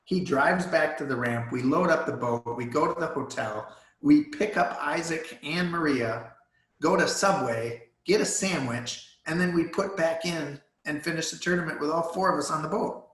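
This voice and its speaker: A man's voice: on the high side, normal speed, fairly bright tone, echoey room, rough recording. A man guest in a virtual Q&A, telling a personal story in an earnest, emotional way. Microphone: video call.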